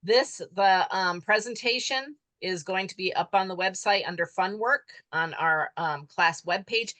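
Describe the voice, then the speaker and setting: A woman leading an online class over a video call, friendly and chatty, her voice a little hoarse. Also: mid-range voice, measured pace, bright, forceful tone, no room sound, low-quality recording. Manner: friendly, chatty, says she is losing her voice. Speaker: class leader.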